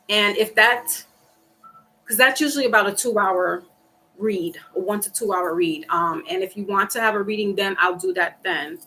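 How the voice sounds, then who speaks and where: A woman hosting a livestream reading, talking casually to her viewers about grief and acting out past conversations in lively voices. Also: medium pitch, a little hiss or hum. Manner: talks through grief, quoting herself and a friend in animated voices. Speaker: tarot reader on a livestream. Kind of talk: casual chat with live viewers.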